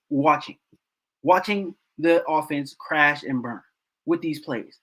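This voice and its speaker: A man's voice: mid-range voice, moderate pace, fairly bright tone, rough recording. A man hosting a football film breakdown, talking casually and repeating himself in exasperation.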